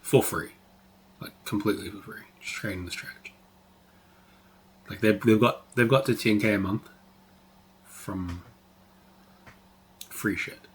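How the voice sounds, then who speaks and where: A man's voice: on the low side, a little slow, pauses often. A man teaching trading on a live stream, talking casually, swearing freely and saying "like" a lot. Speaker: trading educator.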